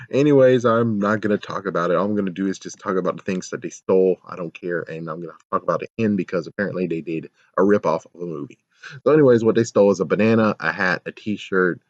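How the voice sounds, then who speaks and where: A low-pitched man rambles through an exasperated, swear-laden review. The sound is dry and a little dull and lo-fi, like a home recording. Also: no room sound. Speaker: show reviewer. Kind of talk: casual video review rant.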